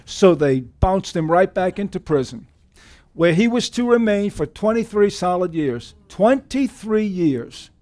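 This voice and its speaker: A man preaching a sermon with animated swings in pitch and volume, reading scripture aloud with emphasis. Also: measured pace. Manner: animated preaching with sudden pitch leaps and drops. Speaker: pastor.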